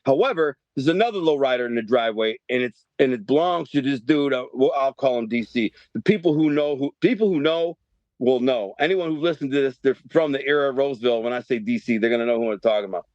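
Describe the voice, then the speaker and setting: A man in his fifties from the Detroit area, telling a story as a podcast guest in animated, profane street slang. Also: medium pitch, fast, dry recording, muffled recording. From Detroit area, Michigan. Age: 50s. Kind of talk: storytelling interview.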